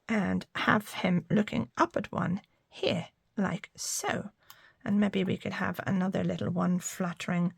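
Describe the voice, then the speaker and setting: An older woman with a husky, lightly gravelly voice talks her viewers through a card-making project. She chats casually and murmurs asides as she works, and the sound is close and dry, with no room echo. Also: medium pitch. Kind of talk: casual craft tutorial.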